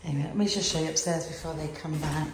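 Tired gravelly British woman vlogging. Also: sits low, fairly even intonation, fast. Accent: British English. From Britain. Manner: tired, chatty, emotional. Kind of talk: casual vlog chat. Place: emptying house, indoors. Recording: noisy home recording.

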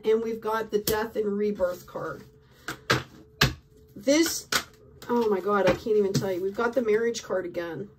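A woman's voice: a little high, recorded from a distance, slight background noise. A woman giving a casual tarot reading, talking effusively and peppering her speech with "like", "right?" and "okay?". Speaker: tarot reader.

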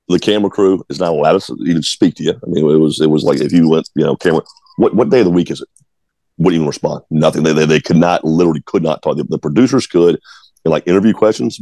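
Very deep-voiced blunt Georgia-born man. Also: mellow, dry recording. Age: 40s. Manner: blunt, profane, repeats words when restarting. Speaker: guest, former baseball player. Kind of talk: casual interview storytelling.

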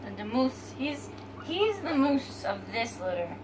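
A woman's voice: high voice, big pitch swings, measured pace, slight background noise. A woman helping feed puppies, chiming in with playful joking asides. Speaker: helper feeding puppies. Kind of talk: casual chat.

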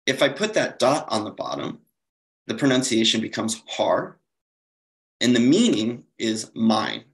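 A man's voice: medium pitch, sing-song, unhurried, rough recording. A man giving a slide-based conference lecture, explaining steadily with occasional fillers and self-corrections. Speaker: conference presenter.

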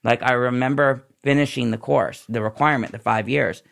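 A former nurse, guesting on a podcast, tells his personal recovery story in a candid, tumbling run-on way. His medium-pitched voice is creaky and fairly bright, steady in tone and a little fast.

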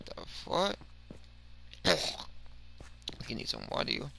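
A young man giving slangy, rambling commentary over his game, swinging from mumbles to shouts. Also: sits high, wildly swooping pitch, takes it slowly, long pauses, a little hiss or hum. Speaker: gaming video creator. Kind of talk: casual gameplay commentary.

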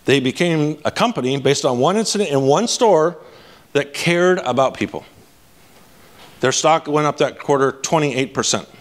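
Energetic, blunt man giving a keynote. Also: fairly high pitch, normal speed. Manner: energetic, casual and blunt, often asking the audience "right?". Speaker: conference speaker. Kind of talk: live keynote talk. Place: conference stage.

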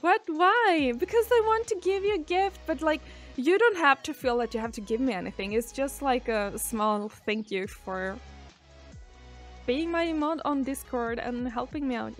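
A woman streamer, casually chatting and reading out viewer messages. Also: high-pitched. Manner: chatty, reads out viewer messages and answers them. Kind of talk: casual live-stream chat.

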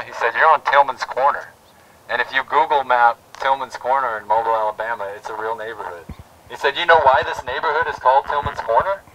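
A man's voice: medium pitch, sharp tone, distant mic, low-quality recording. A man speaking at an outdoor protest rally, telling a personal story with heartfelt restarts. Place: outdoor town plaza.

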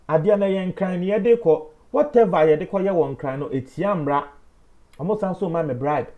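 A man with a Ghanaian accent giving opinion commentary on the news, emphatic and animated, swinging between loud and soft. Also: high voice, lo-fi sound.

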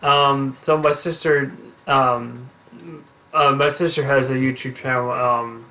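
A young man hosting a casual podcast chat while gaming, halting with many ums and uhs. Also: mid-range voice, fairly even intonation, pushed and bright, rough recording. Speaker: podcast host.

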